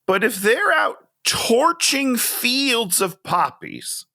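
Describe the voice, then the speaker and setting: A man from Minnesota riffs through a casual comedy chat, his voice bright and forward. His pitch leaps all over the place as he jokes, and he slips into quick put-on voices to retell what other people said. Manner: animated, jokey, puts on voices when retelling. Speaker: podcast co-host.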